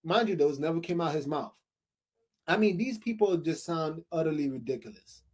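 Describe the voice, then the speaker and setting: A man's voice: on the high side, lively intonation, normal speed, a little mellow, breathy edge. A man commentating on a video clip, making his case with emphatic rhetorical questions.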